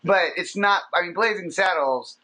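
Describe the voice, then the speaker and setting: A man's voice: high voice, normal speed, pushed and bright, poor audio. A man co-hosting a podcast in casual chat, cracking crude sarcastic quips. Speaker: podcast co-host.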